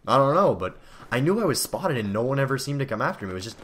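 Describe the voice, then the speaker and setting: A man's voice: mid-range voice, very animated, racing, slight background noise. A teenage boy giving casual, rambling, self-deprecating commentary over gameplay. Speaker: gaming commentator. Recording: game gunfire loud behind. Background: video game gunfire.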